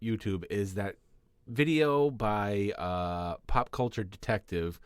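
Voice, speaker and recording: A man's voice: fairly low pitch, takes it slowly, smooth, dry recording. A man co-hosting a podcast who talks in loose, profane casual chat and rambles about what he watched. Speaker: podcast co-host.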